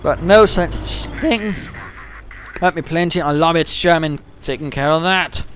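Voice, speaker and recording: A man giving chatty play-by-play commentary on a strategy game match, getting excited at the big moments. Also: a little high, a little slow, a little hiss or hum.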